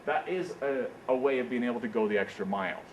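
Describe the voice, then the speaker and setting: A man giving a motivational speech at an engineering career event, telling stories in an animated way and often repeating "what happens is, is that", in an indoor meeting room. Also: mid-range voice, quick pace, a little hiss or hum, rough recording.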